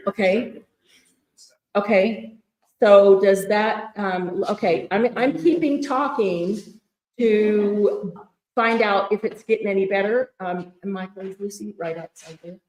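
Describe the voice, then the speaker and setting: Woman hosting a live craft sale, excitable and chatty, echoey big room, bit muffled like cloth over the mic. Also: mid-range voice, takes it slowly. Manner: chatty, excitable, greets viewers by name. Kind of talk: live-stream chat. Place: large echoey event room at a craft retreat. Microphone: fixed room mic draped with fabric.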